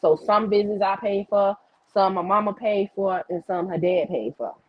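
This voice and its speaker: Livestream host, woman, husky voice, medium pitch, swears freely, reads chat between stories. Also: normal speed, no echo, dull audio. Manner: blunt, profane storytelling; reads and answers viewer comments.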